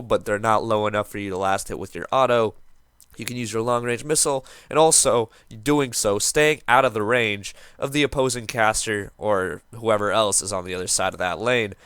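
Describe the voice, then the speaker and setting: Young man, morning voice, casual gameplay commentary, upbeat and joking, smooth, dry. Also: mid-range voice, a bit bright, no room sound. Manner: joking, upbeat, self-mocking. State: just woke up, morning voice. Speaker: game guide host.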